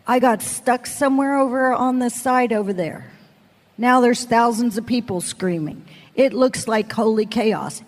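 A woman preacher giving an animated testimony sermon, telling her story with bursts of laughter and screaming. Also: high-pitched, long reverb tail.

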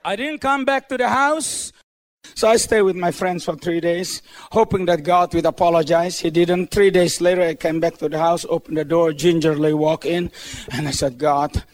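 An older man preaching a humorous testimony sermon, telling a story that builds to excited shouts. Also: a little high, normal speed.

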